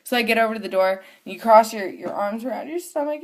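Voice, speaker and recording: A woman vlogger with young children casually tells a story to the camera, acting out the voices of the people involved and swearing now and then. Her voice is on the high side and brisk.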